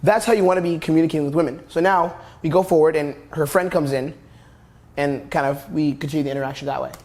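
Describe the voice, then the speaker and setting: A man's voice: fairly high pitch, steady tone, fast talker, darkish tone, a little hiss or hum. A young man coaching on dating, talking bluntly and crudely over video footage. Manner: blunt, crude, repeats "literally".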